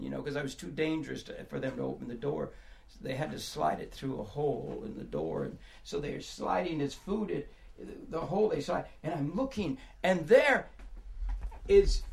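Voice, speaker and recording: High-voiced older man preaching emotionally. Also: creaky. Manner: swings from hushed storytelling to crying shouts. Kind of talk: sermon testimony.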